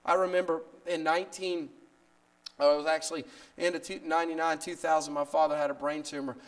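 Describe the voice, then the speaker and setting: Male pastor, a bit high-pitched, earnest sermon delivery with repeated words and slowed key phrases. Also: level tone.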